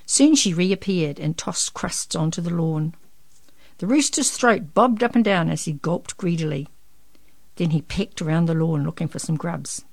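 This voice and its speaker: A woman reading a children's picture book aloud in an expressive, lively storytelling manner. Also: on the low side, moderate pace, vocal fry, no echo.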